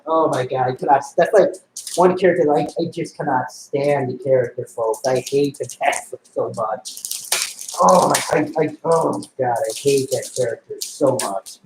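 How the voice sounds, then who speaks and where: A man's voice: a little high, darkish tone. A man ranting in a loose, rambling way, with lots of swearing and filler words, while he bags comic books at home. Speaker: comic collector vlogger. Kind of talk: casual rant while bagging comics. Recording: roomy echo with faint noise.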